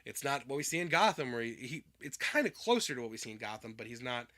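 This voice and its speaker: A man with a bright, forward voice talks in loose, easygoing podcast chat. He rambles along with fillers and restarts, laughing easily as he goes. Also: medium pitch, big pitch swings, fast. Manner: laughs often. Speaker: podcast co-host. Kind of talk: casual chat.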